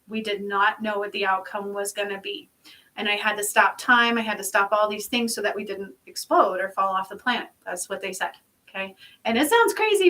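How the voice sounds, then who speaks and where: A woman speaking as a spiritual channeler in a casual livestream monologue, excited and rambling, laughing often and dropping into soft asides. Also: mid-range voice, far from the mic, rough recording. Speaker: spiritual channeler streaming to followers.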